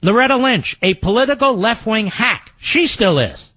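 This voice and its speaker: A man's voice: sits high, expressive, moderate pace, sharp tone, dry recording. A man hosting political talk radio, combative and sarcastic, often mocking his opponents in quoted voices.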